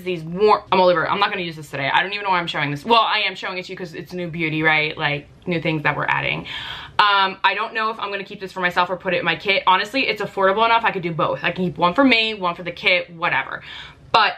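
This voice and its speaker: Woman, late 30s, beauty vlogger; bright, sassy and chatty, full of exclamations. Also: medium pitch. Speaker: makeup artist and beauty vlogger. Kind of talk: casual makeup tutorial chat. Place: home makeup desk.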